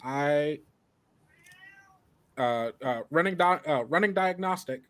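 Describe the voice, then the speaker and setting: A man voicing a malfunctioning AI gun turret that reports its status in a fast, stumbling way. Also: a little high, animated, fairly bright tone, pitched above the performer's own voice. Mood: mechanical.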